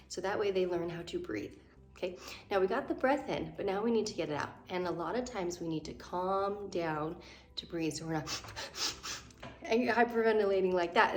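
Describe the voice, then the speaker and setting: A woman's voice: lowish voice, darkish tone, reverberant, recorded from a distance. A woman teacher in her thirties, explaining breathing exercises for children in a friendly, step-by-step way with some fillers. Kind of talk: instructional talk to camera.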